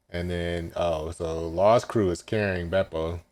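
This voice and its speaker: Low voiced guy going thru a manga chapter live, slow and unhurried, lots of ums and oh wait no. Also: fairly even intonation, darkish tone. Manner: hesitant, many ums and self-corrections. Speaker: manga reaction host. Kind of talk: casual live reaction recap.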